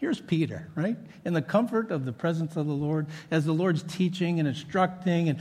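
Male pastor, animated conversational sermon, high husky voice. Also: normal speed, few pauses. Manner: animated, conversational preaching with jokes and acted quotes. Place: church hall with congregation. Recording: echoey church hall.

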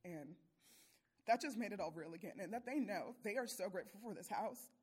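Lady, breathy voice, telling a church mission story, teary and laughing through it. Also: medium pitch, expressive, brisk, darkish tone. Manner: tearful, laughing between phrases. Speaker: church mission trip speaker. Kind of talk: emotional testimony.

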